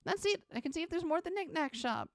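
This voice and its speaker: A woman streamer reading game text aloud in an expressive, dramatic way, with sudden high exclamations. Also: quick pace, no room sound, soft background music.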